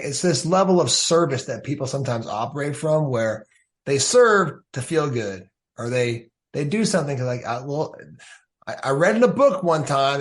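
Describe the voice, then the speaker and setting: A man co-hosting a podcast interview, reflective and thinking aloud, with playful asides. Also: a little high. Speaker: podcast co-host. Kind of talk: casual interview conversation.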